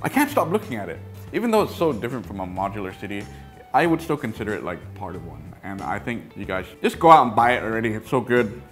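Excitable man gushing over a toy set. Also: fairly low pitch, fast, faint music behind. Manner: excitable, gushing, often trailing off into mumbles. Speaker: toy reviewer. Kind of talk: casual product review.

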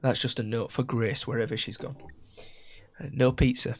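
A man streaming a game live, chatting along and breaking into excited shouts. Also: medium pitch, moderate pace. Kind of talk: live gameplay commentary. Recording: steady background noise.

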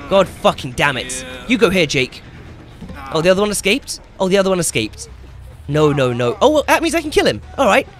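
A young man commentating his own gameplay as he plays, excitable and swearing loudly whenever things go wrong. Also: high-pitched, fairly quick, soft background music. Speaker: gaming YouTuber.

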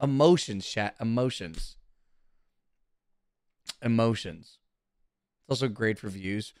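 A man's voice: on the low side, moderate pace, darkish tone, dry recording, clean studio sound. A young man streaming casually, talking to his chat in a brash, profane, defensive way.

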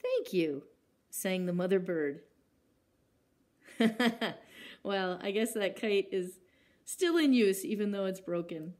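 A woman's voice: mid-range voice, animated, takes it slowly, long pauses, a little mellow. A woman librarian reading picture books aloud at children's story time, acting out sound words and stopping to ask the children questions.

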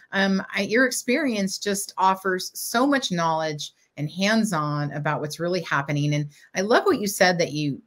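A woman's voice: medium pitch, a bit bright. A woman hosting a podcast, talking in a chatty, affirming and rambling way. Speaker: podcast host. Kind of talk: casual interview talk.

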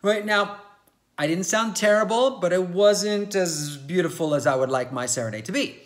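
A voice teacher with a voice that sits high gives a singing lesson at a moderate pace, walking through technique step by step. He checks in with the viewer often and demonstrates by singing show tunes.

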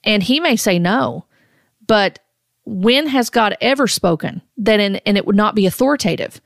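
A woman giving earnest, measured Christian commentary, often restarting her sentences as she goes. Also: mid-range voice, expressive, dry recording, clean studio sound.

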